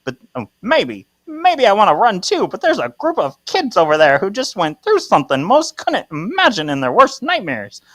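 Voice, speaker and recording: A man's voice: sits high, wildly swooping pitch, normal speed, hardly any pauses, a bit bright, no echo, voice pushed up, full character voice. A man voicing a tough, old-fashioned man who calls a woman dame and broad, in a brash, swaggering way. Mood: defiant.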